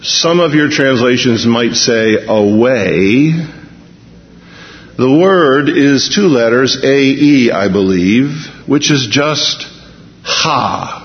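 A man's voice: mid-range voice, takes it slowly. A man preaching a sermon, telling the scene like a story and acting out the quoted voices. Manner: animated storyteller, acts out quotes, shifts pace. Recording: long hall reverb, dull lo-fi sound.

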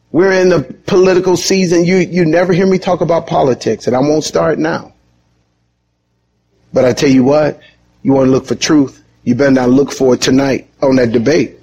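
A man delivers a sermon in a relaxed, conversational way, and his somewhat high voice leaps up sharply on the key points. He slips in quick chuckles and asides. A faint hum of room ambience sits under the recording. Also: vocal fry, lo-fi sound. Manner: animated, conversational preaching with sudden high emphatic bursts and chuckles. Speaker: pastor.

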